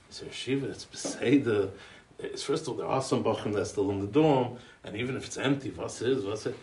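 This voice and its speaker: A medium-pitched, darkish-toned American man speaks a little fast as he gives a chatty eulogy of anecdotes. His English is loaded with Yiddish and Hebrew yeshiva vocabulary, and he rambles, restarts, and chuckles. The mic is distant, the sound roomy.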